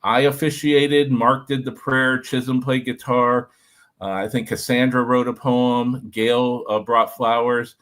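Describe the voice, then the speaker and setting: A former reality show contestant, a man, telling an animated story to a group, talking with lots of fillers and "like". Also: mid-range voice, a little slow. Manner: energetic, filler-heavy, lots of "like".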